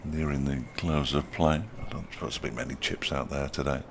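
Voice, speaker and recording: A man's voice: extremely low pitch, steady tone, fairly quick, creaky, a little hiss or hum. A middle-aged man giving ball-by-ball cricket commentary, with dry, wry asides between deliveries.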